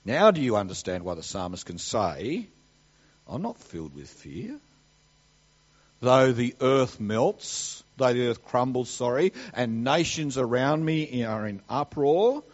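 A male preacher delivering a sermon at an unhurried, deliberate pace. He swings from ringing declarations down to hushed asides. The recording is dull and a little lo-fi. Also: mid-range voice, sing-song. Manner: emphatic, swings between loud declarations and quiet asides.

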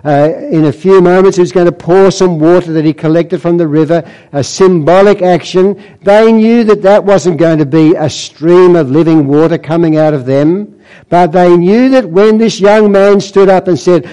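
Male preacher, slightly high, mellow voice, storytelling sermon delivery. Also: a little slow, clear, resonant tone, poor audio. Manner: storytelling, quoting scripture with dramatic emphasis.

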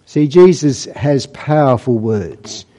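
A man's voice: medium pitch, expressive, slow pace, warm tone, poor audio. A man preaching a sermon in a church, telling Bible stories and quoting scripture with dramatic emphasis.

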